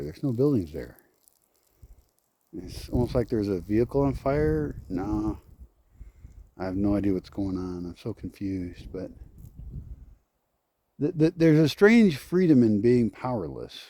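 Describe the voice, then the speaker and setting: A man's voice: fairly low pitch, very animated, a little slow, pauses often, warm tone, slight background noise. A man vlogging outdoors on his rural land, talking casually and sardonically, swearing and muttering to himself. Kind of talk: casual walking vlog.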